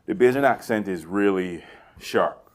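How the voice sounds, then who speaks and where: A man from Barbados, co-hosting a casual chat, animated and quick to laugh, with lots of "yeah, yeah". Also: deep voice. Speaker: podcast co-host.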